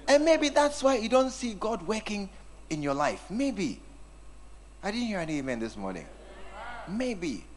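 A man preaching a sermon, teasing and acting out scenes with his congregation. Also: high voice. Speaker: pastor.

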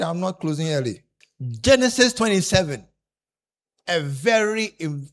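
A man preaching a sermon, telling the congregation to turn to their neighbors and often repeating himself. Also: on the high side. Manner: animated, repeats himself, tells listeners to tap their neighbor.

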